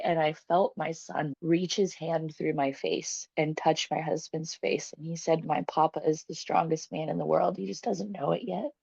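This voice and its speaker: A woman's voice: low voice, creaky, a little mellow, no room sound. A young woman telling a personal story as a podcast guest, candid and emotional, swearing freely and laughing often. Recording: dull, dry, lo-fi podcast sound.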